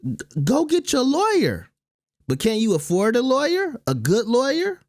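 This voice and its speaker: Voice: medium pitch, wildly swooping pitch, normal speed, darkish tone, no room sound, clean studio sound. A commentary host reacting to a clip, with mocking, sarcastic asides.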